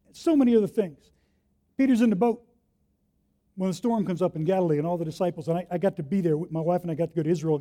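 Male pastor, sermon, dramatic storytelling, high warm voice. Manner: vivid storytelling with big swings between soft and loud.

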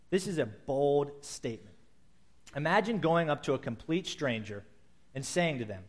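A man's voice: a little high, animated, a little fast. A man, a pastor, preaching a sermon to his congregation in a conversational way, acting out quotes as he goes.

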